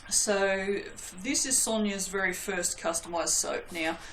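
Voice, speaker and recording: A woman's voice: medium pitch, fairly even intonation, measured pace, a bit bright. Woman vlog host, casual rambling crafter, roomy webcam sound with faint hiss. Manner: rambling, self-deprecating, swears lightly. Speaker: soap-making channel host.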